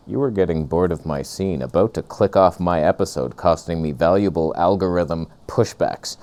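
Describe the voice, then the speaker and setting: A man ranting sarcastically in a comedic vlog, outdoors on a lavalier mic, jumping between high mocking voices and low grumbles. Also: normal speed, few pauses, a little mellow. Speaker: camera vlogger.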